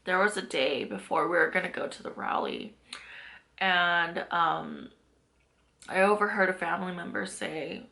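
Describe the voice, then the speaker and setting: Woman, young adult, mindset coach, motivational vlog, bright tone, earnest, chatty, self-reflective. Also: on the low side, expressive, measured pace, gravelly. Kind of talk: casual motivational talk to camera.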